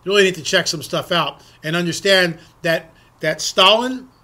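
A man's voice: high voice, normal speed, pushed and bright. A man delivering an emphatic political monologue to his audience, often repeating words and restarting sentences. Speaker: political commentator.

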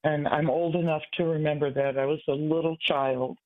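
A man's voice: a little high, steady tone. Older man calling in on a tinny phone line. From Michigan. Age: 60s. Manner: earnest, halting, rambling. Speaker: caller. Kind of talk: call-in radio talk.

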